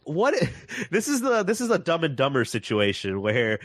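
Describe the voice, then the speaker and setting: Animated, laughing podcast co-host man. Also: a little high, moderate pace, no echo. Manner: laughs often, animated retelling with put-on quotes. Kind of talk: casual movie chat.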